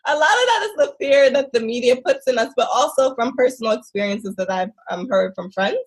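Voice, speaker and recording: A woman guest in a casual interview, telling travel stories in an animated, expressive way and laughing often. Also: on the high side, brisk.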